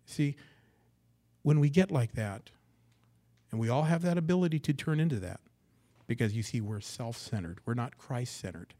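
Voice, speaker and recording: A man delivering a sermon from the pulpit of a church. His voice sits at an ordinary middle pitch, and his delivery swings hard, climbing loud and high on emphatic words, then dropping low and hushed to drive a point home. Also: lively intonation, normal speed, pauses often. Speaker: pastor. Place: church sanctuary.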